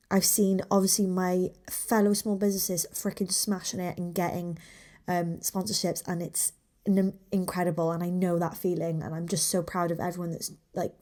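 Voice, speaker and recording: Woman, 20s, solo podcast host; low-pitched, candid and heartfelt, drops into soft whispers. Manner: open and heartfelt, with many restarts and soft whispered asides. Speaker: podcast host, small business owner.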